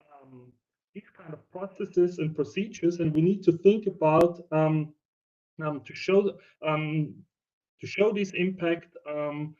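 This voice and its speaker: A hesitant man speaking on an online panel, his voice somewhat high for a man yet dark and mellow in tone. He often pauses and restarts his phrases. The remote audio is dull and lo-fi, as if he sits back from his mic. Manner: hesitant, many filler sounds and restarts. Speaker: panel speaker, senior researcher. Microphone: remote call, mic too far away.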